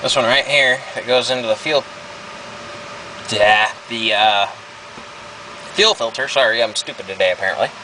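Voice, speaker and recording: Casual man narrating a car repair to a handheld camera, mid-pitched, loose and self-deprecating, with garage hum and engine noise behind. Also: moderate pace, pauses often. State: has the hiccups. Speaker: vlogger. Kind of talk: casual how-to walkthrough.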